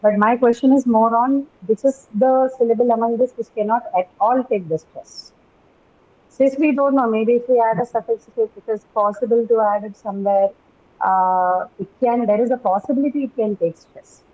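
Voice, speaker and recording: Woman, English teacher, classroom lesson, keeps asking "right?", relaxed dark tone, muffled lo-fi sound. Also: a little high, normal speed. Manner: tags statements with "right?", questions students. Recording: dull lo-fi recording.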